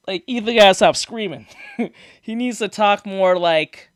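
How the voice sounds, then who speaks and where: On a casual live stream, a man with a high, fairly bright voice speaks at a normal speed while reacting to viewer comments. He explains things in a meandering way, restarting sentences and laughing at his own jokes, recorded through a desk microphone.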